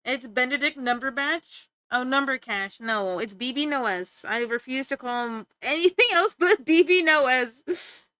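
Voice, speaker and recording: A woman's voice: high voice, a little slow, hardly any pauses, bright, forceful tone, no room sound. A young woman streamer chatting playfully with her viewers, teasing and giggling as she talks. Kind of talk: casual chat with stream viewers.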